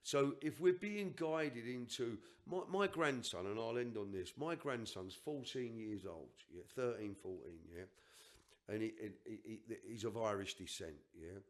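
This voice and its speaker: A man's voice: mid-range voice, normal speed. An older man on a podcast, telling a personal story in an emphatic, rambling way with restarts and asides. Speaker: podcast guest.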